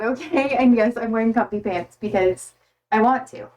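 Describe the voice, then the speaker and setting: A woman's voice: a little high, moderate pace, a little mellow, highs cut off. A young woman streamer chatting casually and bubbly, gushing over her cats with baby talk. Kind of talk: casual live-stream chat.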